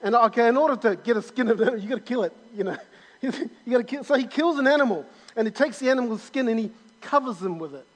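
A man's voice: very high voice, expressive, fast talker. A man preaching a sermon in a church auditorium, enthusiastic and full of repetitions and restarts. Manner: enthusiastic, repeats himself with many restarts. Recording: long hall reverb.

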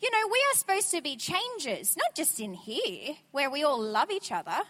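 Woman guest preacher, high voice, energetic conversational sermon, church reverb. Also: normal speed. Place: church sanctuary. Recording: church sanctuary with long reverb.

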